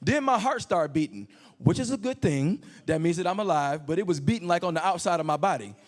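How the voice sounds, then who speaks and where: A male stand-up comedian telling crude stories with animated delivery on a comedy club stage, into a handheld mic. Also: a little high, brisk.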